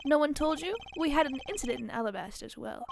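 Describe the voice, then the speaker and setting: A woman voicing a gruff, cocky male agent leader from a game, reading his lines with a teasing edge. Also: sits high, animated, quick pace, background noise.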